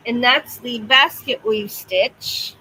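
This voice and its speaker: Chatty woman host, bright voice, unhurried delivery, home livestream, light room noise. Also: a little high, low-quality recording. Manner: chatty, talks to her pets and reads viewer comments. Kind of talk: casual livestream chat.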